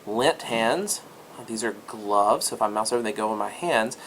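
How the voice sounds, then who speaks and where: A man's voice: on the low side, moderate pace, fairly bright tone, slight background noise. A man walking through a video game step by step as a teaching demonstration, in an upbeat, chatty way. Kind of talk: screen-recorded game tutorial.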